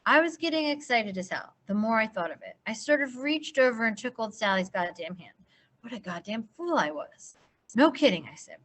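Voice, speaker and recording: Bright-voiced woman teacher reading aloud. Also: a little high, fairly quick. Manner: expressive, casual first-person reading. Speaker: English teacher.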